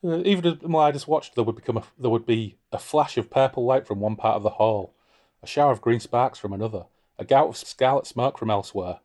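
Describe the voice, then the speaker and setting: This man, medium in pitch and fairly quick, reads novel passages with expression on a book podcast he co-hosts, lifting his voice for quoted characters. Between readings he chats about them casually.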